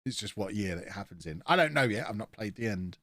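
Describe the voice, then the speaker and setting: Man, stuffy nose, lively pitch swings, chatty jokey game stream, dry close sound. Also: fast, no room sound. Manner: chatty, jokey, reacts to chat. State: blocked nose. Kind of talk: live-streamed game commentary.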